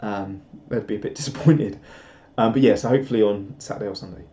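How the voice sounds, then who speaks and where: Chuckling as he rambles, a young Englishman reads viewer comments on a casual live stream and pokes fun at himself. His lowish voice is mellow, a little dark and quick, and the audio is roomy and slightly dull, like a home setup.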